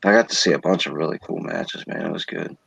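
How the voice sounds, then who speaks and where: A man co-hosting a casual wrestling talk show in a laid-back, drawn-out way. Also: sits low, steady tone, vocal fry, a bit bright, breathy edge, no room sound. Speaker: podcast co-host.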